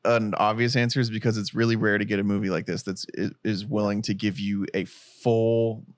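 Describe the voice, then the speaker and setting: A man's voice: lowish voice, level tone, brisk, no echo, clean studio sound. A man talking loosely and bluntly in a casual podcast chat about a film, often laughing and swearing. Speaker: podcast guest.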